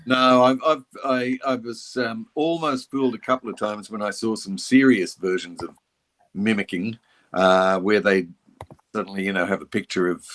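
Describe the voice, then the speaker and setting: An older Australian man, a voice actor, telling stories in a relaxed interview with reflective, restarting speech. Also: lowish voice, normal speed. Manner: reflective and anecdotal, with frequent restarts. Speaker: voice actor guest. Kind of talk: casual interview chat.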